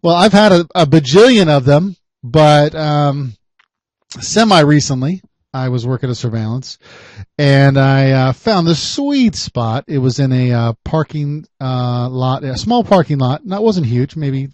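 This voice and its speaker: A man's voice: a little high, unhurried, no room sound. Chatty male investigator telling stories. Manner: animated, chatty, laughs often. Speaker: private investigator, podcast host. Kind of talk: casual storytelling podcast.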